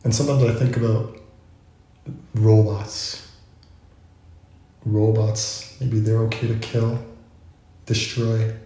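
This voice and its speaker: A man's voice: fairly low pitch, level tone, slow pace, pauses often, mellow. A man vlogging, musing in a loose, rambling way full of asides. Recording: very echoey room.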